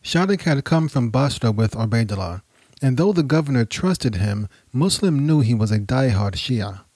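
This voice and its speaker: A man narrating a history podcast in a measured, dramatic storytelling manner. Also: medium pitch, expressive, a little mellow, slightly rough, dry recording.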